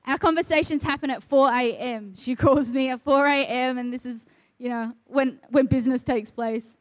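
Middle-aged ministry woman, high voice, earnest testimony, quotes folks as she goes, dry close sound. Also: fairly even intonation, normal speed, dry recording. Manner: earnest storytelling, quotes others. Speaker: ministry worker. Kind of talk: testimony in conversation.

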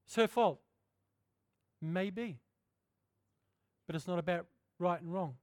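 A middle-aged man preaching a sermon in a candid, conversational way, often clearing his throat. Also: high-pitched, slow pace, no room sound, studio quality. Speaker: pastor.

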